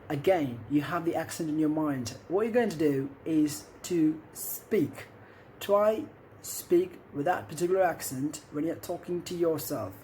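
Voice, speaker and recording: A man's voice: fairly high pitch, a little mellow, slight background noise, poor audio. A man with an Indian English accent giving encouraging tips on learning an accent, often checking in with "okay?". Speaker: accent coach. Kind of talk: instructional talk to camera.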